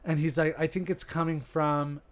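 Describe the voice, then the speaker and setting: Male podcast co-host, a bit higher voice, animated casual storyteller. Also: normal speed. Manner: animated storyteller, laughs easily. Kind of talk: casual movie recap chat. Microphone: podcast microphone.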